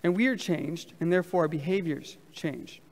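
High-voiced preacher in a reverberant hall. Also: male voice, normal speed. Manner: lively, talks with the congregation. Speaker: pastor. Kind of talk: sermon. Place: large church hall.

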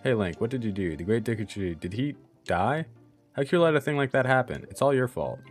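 A man reading out a bratty young boy who blames and scolds. The voice stays at an everyday middle pitch, with quiet game music running behind it. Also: expressive, a little fast, lightly acted. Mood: accusing. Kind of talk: reading game dialogue aloud.

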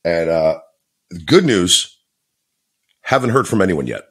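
A man's voice: low-pitched, big pitch swings, a little slow, breathy edge. A man, a voice actor co-hosting a podcast, chatting casually, bluntly and jokingly, swearing freely.

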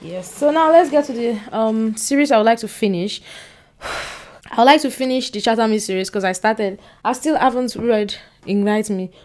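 A young woman, chatting casually to camera at home, rambling with excited bursts and quiet trailing asides. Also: on the high side, moderate pace. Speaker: book vlogger. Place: indoors at home by a bookshelf. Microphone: on-camera mic.

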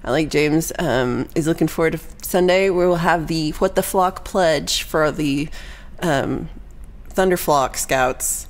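Bubbly, chatty woman greeting her stream. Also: low-pitched. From Texas. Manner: bubbly and chatty, quick asides, frequent laughs. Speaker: livestream musician hosting a weekly song show. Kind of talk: casual chat greeting livestream viewers.

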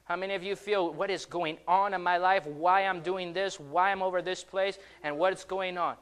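A young man preaching a fervent sermon, rising loud on calls and dropping soft between them. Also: high-pitched, fairly even intonation, normal speed, clear, resonant tone.

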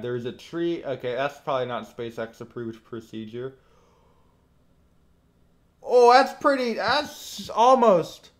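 A man streaming a game, reacting live and rating each landing out loud with quick, excitable commentary. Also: medium pitch.

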